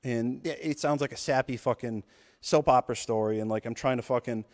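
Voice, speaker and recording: A man's voice: medium pitch, brisk, a little mellow. Profane fired-up man, echoey hall. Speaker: podcast host. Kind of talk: motivational monologue. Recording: long hall reverb.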